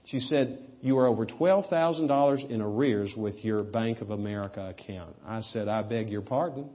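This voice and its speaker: A man preaching a sermon, telling anecdotes with humor and sudden bursts of loud emphasis. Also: lowish voice, moderate pace, highs cut off, slight background noise. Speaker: pastor. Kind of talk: sermon with storytelling.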